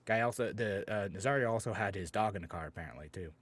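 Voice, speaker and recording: A man's voice: fairly low pitch, fast talker. A man hosting a call-in radio talk show, speaking casually with many fillers and restarts.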